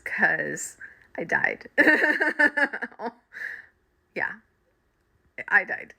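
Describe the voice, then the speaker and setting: A middle-aged woman, a spiritual reader and coach, casually telling her viewers a story, animated and laughing often. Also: lowish voice, gravelly.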